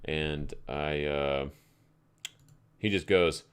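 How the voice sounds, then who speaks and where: A man's voice: extremely low pitch, very slow, clear, resonant tone. A man hosting a live crypto trading stream, talking casually through charts and stories in a rambling, laid-back way and swearing freely. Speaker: crypto trading livestream host.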